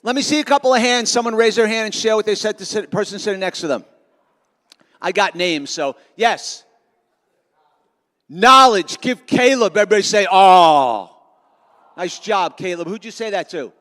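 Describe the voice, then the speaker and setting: A middle-aged man giving an energetic, self-mocking motivational talk to students at a school assembly. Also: high voice, moderate pace. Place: large school auditorium. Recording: long auditorium reverb.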